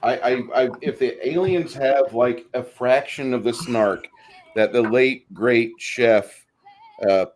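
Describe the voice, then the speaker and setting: A man's voice: mid-range voice, slow, a little mellow. A man guest in a casual livestream chat, sarcastic and rambling, swearing freely.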